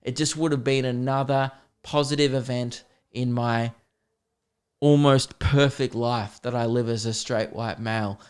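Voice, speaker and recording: A man's voice: medium pitch, fairly even intonation, measured pace, clean tone. A young man, a comedian hosting his podcast, telling a funny story and acting out both sides of the chat. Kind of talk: storytelling monologue.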